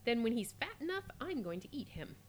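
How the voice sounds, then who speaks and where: A woman's voice: a little high, very animated, a little fast, a crowd in the background. A woman voicing a cruel, greedy old female witch who barks harsh orders while reading a fairy tale aloud. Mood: scolding.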